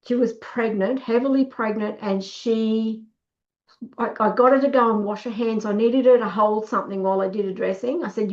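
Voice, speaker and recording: A woman's voice: a little high, moderate pace, gravelly, darkish tone, highs cut off. A middle-aged woman, talking casually on a webinar, telling stories and acting out what people said, with lots of restarts. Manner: storytelling, acts out quoted lines, many restarts. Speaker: workshop speaker.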